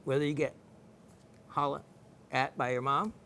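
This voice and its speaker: Middle-aged Southern man, gemstone show host, gravelly and chatty, easygoing delivery. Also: mid-range voice, unhurried, a little hiss or hum. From American South. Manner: folksy, rambling, playful, with frequent fillers and laughs. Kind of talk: casual chat reading viewer messages.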